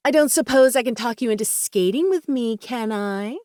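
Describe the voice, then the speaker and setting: A woman voicing a flirty female celebrity who gushes in a drawn-out, breathy way, read for an audiobook. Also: fairly high pitch, dark tone, dry recording, studio quality, voice pushed up, close to an everyday voice.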